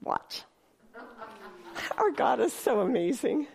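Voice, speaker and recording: A woman leading a church service who reads scripture slowly, then preaches in a lively, chatty way and often laughs while speaking. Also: high-pitched, gravelly. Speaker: church worship leader. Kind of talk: sermon.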